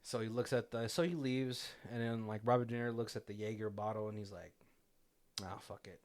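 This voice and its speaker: A man's voice: fairly low pitch, steady tone, quick pace. A man hosting a casual movie commentary chat, retelling scenes with quoted lines and frequent laughs. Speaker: podcast host.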